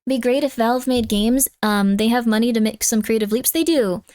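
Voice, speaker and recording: A chatty woman streamer talks with her audience at normal speed in a high, light voice with a darkish tone. She's on a close mic in a dry, dead room without echo. She coos at her cat in baby talk and makes playful mock threats.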